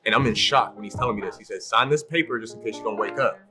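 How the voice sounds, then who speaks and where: A man's voice: lowish voice, quick pace, music in the background. A man as a podcast guest telling a story in a casual way, acting out what others said and laughing often. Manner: animated, acts out the voices of people in his story.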